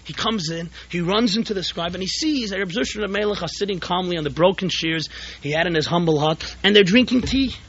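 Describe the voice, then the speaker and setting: A man, a rabbi, teaching a weekly class as an animated storyteller who often restarts phrases, on a dull lo-fi tape recording. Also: high voice, fairly quick, breathy edge. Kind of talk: storytelling lecture.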